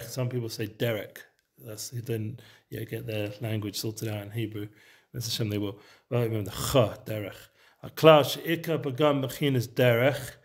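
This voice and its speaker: Guy teaching torah casually, loose rambling explanations, hebrew terms sprinkled in. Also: medium pitch. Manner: mixes Hebrew terms into English, loose and conversational. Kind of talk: casual Torah study session.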